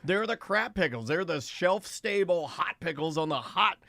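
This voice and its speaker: Radio comedy host, male, high-ish voice, animated storyteller, dry close studio sound. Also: normal speed, no room sound. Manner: loud, animated storytelling with bursts of shouting. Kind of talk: casual comedy chat.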